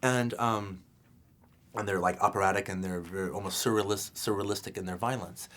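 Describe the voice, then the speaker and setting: Rambling man with a low voice. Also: fairly even intonation, brisk, a bit bright. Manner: rambling, many fillers and restarts. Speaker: filmmaker being interviewed. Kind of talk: casual interview answers.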